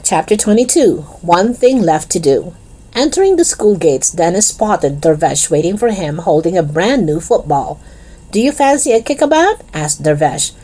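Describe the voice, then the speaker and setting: Brief: a woman reading a children's chapter book aloud, low-pitched and expressive. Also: moderate pace, breathy edge, low-quality recording. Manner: expressive, varied voices for characters. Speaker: storybook reader.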